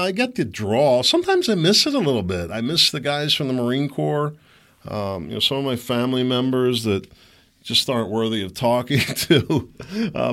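A man's voice: medium pitch, fairly bright tone. Rambling, opinionated male podcast host. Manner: rambling and opinionated, with sarcastic asides. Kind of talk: solo podcast monologue.

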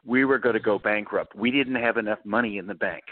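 A middle-aged man, a guest author, answering interview questions with lively storytelling and acting out the voices he quotes. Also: fairly low pitch, brisk, no room sound. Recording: dry, tinny phone line.

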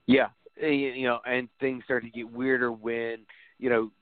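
A man's voice: medium pitch, little pitch movement, unhurried, no echo, phone-quality sound. Chuckling man on a dry, phone-thin line. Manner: loose and chuckling. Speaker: podcast co-host. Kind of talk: casual film discussion.

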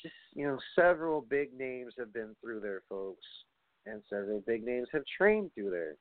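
A man's voice: medium pitch, sing-song, normal speed, no echo. Casual wrestling podcast man, tinny line. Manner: rambling, reads off long lists, swears casually. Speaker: podcast host. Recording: tinny phone-like line, dry.

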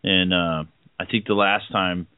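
Slow-talking man hosting over a tinny line. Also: deep voice, steady tone, clear, resonant tone, no room sound. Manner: easygoing, rambling with many fillers and chuckles. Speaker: host. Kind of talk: casual radio chat.

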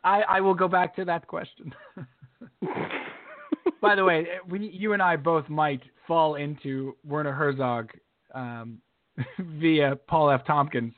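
A man co-hosting a casual sports podcast, laughing often and talking in an animated, joking way. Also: a little high, slow pace, long pauses, phone-quality sound. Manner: animated, laughs often, breaks into mock British singing. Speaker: podcast co-host.

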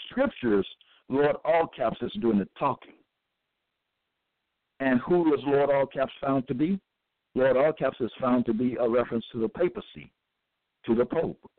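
A man reading scripture verses aloud and commenting on them in a deliberate, repetitive, halting way. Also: mid-range voice, no room sound. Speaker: self-styled religious teacher. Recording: tinny phone-like dry recording.

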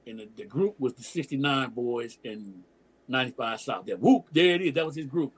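A man's voice: medium pitch, moderate pace, slightly rough, poor audio. A middle-aged man from Detroit, a DJ and emcee guesting on a podcast, telling a long story in profane slang and acting out what others said. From Detroit, USA. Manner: animated storyteller, profane slang, acts out quoted dialogue. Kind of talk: casual storytelling interview.

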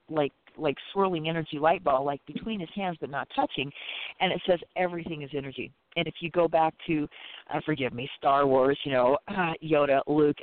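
A man's voice: a little high, dry recording. Rambling man on a tinny phone line. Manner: rambling, full of "you know" and "it's like". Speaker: Reiki practitioner. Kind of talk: casual radio chat.

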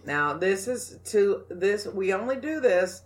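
A woman's voice: medium pitch, lively intonation, slow pace. An older woman co-hosting a casual talk show, sassy and teasing. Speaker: co-host. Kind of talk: casual podcast chat.

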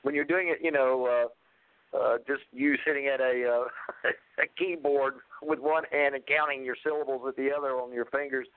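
A man chats easily on a call-in radio show, pausing over his words and laughing often. His mid-pitched voice sounds dry and close, squeezed thin like a phone call. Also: steady tone, smooth, no echo. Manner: easygoing, laughs often, halting. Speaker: show guest. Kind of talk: casual on-air chat. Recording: dry, tinny phone line.

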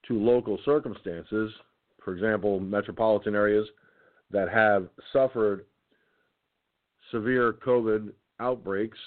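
A tired man hosting an internet radio show, reading a document aloud haltingly with his own comments, stumbling and restarting words. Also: lowish voice. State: tired, keeps yawning. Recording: tinny phone-like line.

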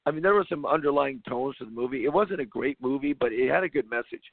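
Gravelly man talking over a phone line. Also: medium pitch, fast talker, dry recording. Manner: rambling, emphatic, frequent restarts. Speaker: basketball coach and show host. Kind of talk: casual monologue. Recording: tinny phone-like line, dry.

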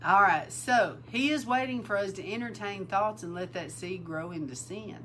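A woman preaching an informal sermon, calling her listeners bride and repeating words for emphasis, sometimes breaking into loud exclaims. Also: medium pitch, normal speed, slight background noise, rough recording.

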